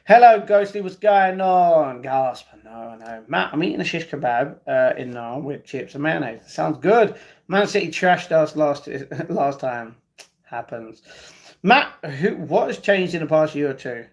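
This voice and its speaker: A man's voice: a little high, lively intonation, a little slow. A man hosting a live stream, casually reading out viewer comments and bantering back at them. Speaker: livestream host reading chat.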